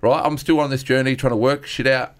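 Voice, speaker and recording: Comedian telling raw stories. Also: male voice, mid-range voice, brisk. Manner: earnest, animated retelling with acted-out quotes. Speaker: stand-up comedian guest. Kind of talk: candid conversational storytelling.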